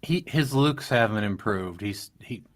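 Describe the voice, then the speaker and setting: A man's voice: fairly low pitch, animated, unhurried. Playful man co-hosting a chat. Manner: playful, laughs a lot, self-deprecating. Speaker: co-host of a live stream chat show. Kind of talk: casual live-stream banter.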